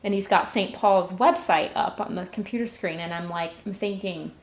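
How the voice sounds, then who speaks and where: A woman's voice: mid-range voice, normal speed. Earnest woman telling her story, roomy sound. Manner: earnest, warm storytelling with soft laughs. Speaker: parishioner and church volunteer. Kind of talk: personal testimony, storytelling.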